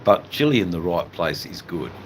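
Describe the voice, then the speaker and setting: A man's voice: sits low, big pitch swings, moderate pace, heavy background noise. An Australian man hosting a live stream, chatting in a rambling, hesitant way with lots of fillers and restarts and some blunt swearing. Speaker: livestream host.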